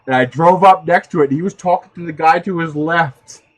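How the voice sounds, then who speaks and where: A man's voice: on the high side, brisk. A man hosting a 3D printing livestream, chatting casually with viewers, telling stories loosely with profanity and frequent laughter.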